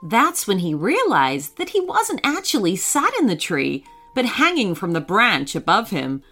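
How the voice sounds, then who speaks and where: Slow, bright-voiced woman reading a children's story. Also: medium pitch, soft background music. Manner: gentle, expressive voicing of children. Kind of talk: scripted children's story narration.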